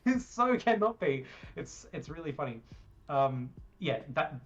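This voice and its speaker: A man's voice: fairly high pitch, big pitch swings, unhurried, muffled recording. A young Australian man co-hosting a casual film review show, rambling and laughing at his own jokes. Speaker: podcast co-host.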